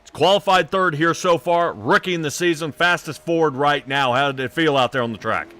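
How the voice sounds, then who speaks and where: A man's voice: fairly high pitch, normal speed, pushed and bright, slight background noise. A man doing casual, chatty play-by-play for a sim racing broadcast, often trailing off and laughing.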